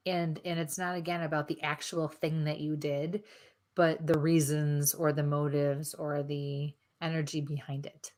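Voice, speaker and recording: Psychic stream co-host, woman, low-pitched, chatty, quick to laugh and tease. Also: flat delivery, darkish tone. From United States. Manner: laughs often, teasing. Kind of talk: live Q&A stream chat.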